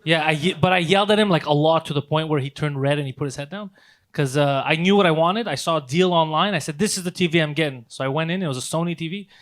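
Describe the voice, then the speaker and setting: A man co-hosting a comedy podcast, telling a story in a casual, animated way with plenty of swearing. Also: fairly high pitch, fast talker. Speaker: podcast co-host.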